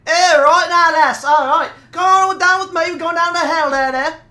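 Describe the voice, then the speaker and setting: A woman's voice: extremely high pitch, moderate pace, bright, forceful tone, pitched above the performer's own voice. A woman putting on Pinhead as a chummy Cockney demon. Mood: chummy menace. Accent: put-on Cockney. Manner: jovial, mock-friendly threats. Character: menacing male hell demon, chummy British lad.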